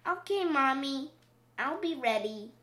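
A spirited little girl pig from a storybook, as a woman reads her, sly and sure of herself. The voice is high, bright and bouncy. It sits in a roomy, echoing space. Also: animated, measured pace. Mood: small, meek. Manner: bright, sly and self-assured. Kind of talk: storybook reading. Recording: roomy echo.

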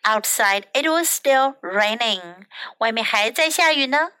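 Female storyteller for kids, high bright voice, slow and clear, dry close mic. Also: expressive, no room sound. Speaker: English teacher reading a bilingual storybook. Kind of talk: bilingual children's story reading.

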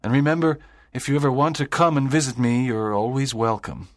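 An actor playing a sad, lonely, strict middle-aged teacher in an audiobook drama, speaking in a grave, measured way. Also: male voice, mid-range voice, steady tone, dry recording, clean studio sound, close to an everyday voice. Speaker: narrator's teacher.

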